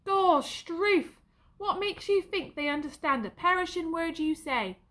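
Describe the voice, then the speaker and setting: A woman voicing a blunt young male soldier who teases his friend loudly. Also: extremely high pitch, animated, measured pace, voice pushed up, full character voice. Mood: teasing.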